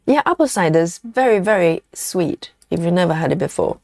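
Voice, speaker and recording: A woman's voice: medium pitch, expressive, normal speed, no room sound, clean studio sound. A woman hosting a casual live stream, chatting and reading viewer comments aloud as she goes.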